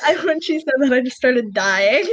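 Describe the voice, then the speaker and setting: A woman's voice: high voice, animated, moderate pace, dry recording, muffled recording. A young woman on a video call, chatting with a friend and reacting with giggles. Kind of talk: casual chat.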